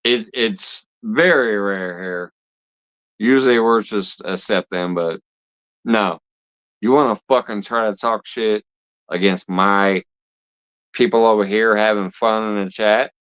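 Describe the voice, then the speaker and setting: This man runs a live stream for a fishing channel and bluntly scolds his viewers, cursing heavily. He speaks slowly in a lowish, smooth, fairly bright voice, and the audio sounds dull.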